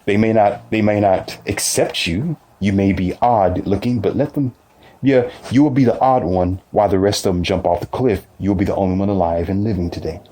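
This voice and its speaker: A man's voice: lowish voice, moderate pace, mellow. A man giving a casual, preachy motivational monologue, full of rhetorical questions.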